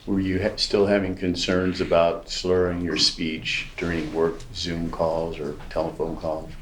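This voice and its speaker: A lawyer questions a witness in a courtroom. His voice is very deep, measured and slowed by fillers, with a faint hiss behind it. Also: level tone. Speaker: attorney. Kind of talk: direct examination.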